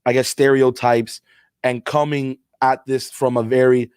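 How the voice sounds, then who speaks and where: Man, podcast co-host, laid-back, slangy, mid pitch, dry close sound. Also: flat delivery, measured pace, darkish tone, smooth, no room sound. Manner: laid-back and slangy, addresses the listeners directly. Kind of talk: casual podcast chat.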